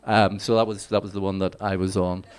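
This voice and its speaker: A man's voice: deep voice, flat delivery, a little fast, clean tone. A male novelist from Ireland, telling a rambling anecdote with many fillers on a theatre stage. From Northern Ireland. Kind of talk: anecdote at a literary reading.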